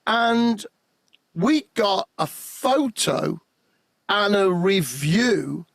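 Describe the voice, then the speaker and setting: A man, a guest musician, telling lively anecdotes in an animated way on a podcast. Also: high-pitched, very slow, vocal fry, no room sound. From England. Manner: lively anecdotal, acts out quotes. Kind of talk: animated storytelling.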